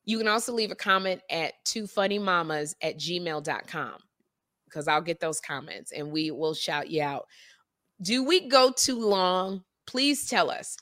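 A woman co-hosting a casual podcast chat, talkative and animated, often repeating and restarting her sentences. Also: lowish voice, measured pace, no room sound, clean studio sound. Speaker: podcast co-host.

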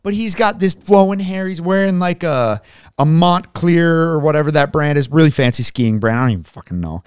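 A man co-hosting a podcast, telling a story in an animated, casual way with swearing. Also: a little high, fairly quick, smooth, dry recording, studio quality. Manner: animated, swears, mimics people. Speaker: podcast co-host. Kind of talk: casual chat.

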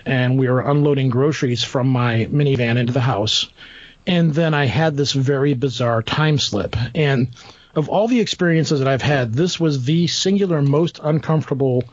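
A middle-aged man with a medium-pitched voice tells a personal story in a casual, rambling manner, acting out the voices of the people he quotes. The recording is dull, dry and lo-fi, with no room sound.

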